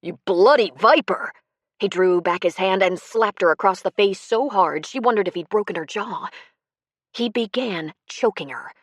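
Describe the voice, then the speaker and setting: A woman's voice: mid-range voice, moderate pace, no echo. A woman narrating a tense audiobook in a dramatic storytelling manner. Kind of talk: scripted narration.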